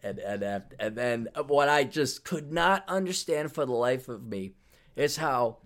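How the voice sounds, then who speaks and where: A man's voice: mid-range voice, animated, unhurried, fairly bright tone. A man hosting a podcast, telling a casual, profane story full of tangents and restarts. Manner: profane, rambling, drifting into tangents. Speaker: podcast host.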